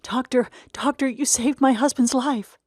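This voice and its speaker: A gushing, emotional wife, voiced by a woman reading a short story, her voice rising high with gratitude. The tone is effusive and breathless with thanks. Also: fairly even intonation, measured pace, a little mellow, no echo, clean studio sound. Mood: grateful. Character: grateful middle-aged wife, emotional.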